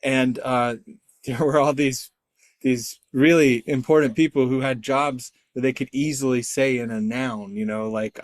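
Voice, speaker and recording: Animated self-deprecating man, dry sound. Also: mid-range voice, measured pace, no echo. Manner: animated, self-deprecating, acts out quoted voices. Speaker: guest, storyteller and artist. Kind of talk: casual conversational interview.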